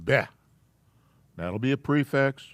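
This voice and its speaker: Man, classroom teacher, slow explanations, smooth clear voice. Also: a little high, dry recording. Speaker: Hebrew alphabet teacher. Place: church classroom.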